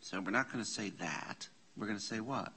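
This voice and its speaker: A man's voice: fairly low pitch, moderate pace, sharp tone, breathy edge. A man teaching a classroom lesson on Bible Greek in a church classroom, patiently spelling out letters and parsing words aloud.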